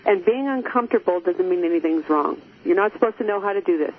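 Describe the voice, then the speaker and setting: Male interview host, high voice, supportive and encouraging; phone-quality audio. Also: lively intonation, quick pace, slight background noise. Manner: encouraging, frequent affirming murmurs. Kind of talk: interview hosting.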